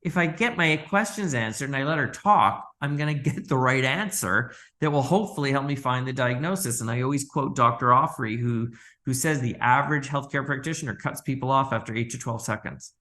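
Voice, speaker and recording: A man guest on a podcast interview, telling lively stories and acting out quoted dialogue with frequent laughs. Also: mid-range voice, fairly quick, few pauses. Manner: animated storyteller, acts out quoted dialogue, laughs often. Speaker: orthodontist guest.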